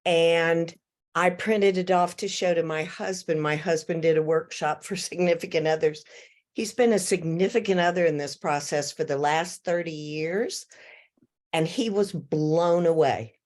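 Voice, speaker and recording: A woman's voice: fairly low pitch, unhurried, darkish tone. An older woman speaking heartfelt and close to tears, sharing feedback in a casual video-call chat. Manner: tearful, heartfelt.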